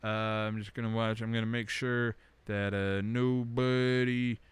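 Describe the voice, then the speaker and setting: A man's voice: lowish voice, a little slow, clean tone, no echo. Rambling young man hosting a livestream. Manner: rambling, animated, frequent fillers. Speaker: podcast host. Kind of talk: casual livestream chat. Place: indoors at home under a blanket.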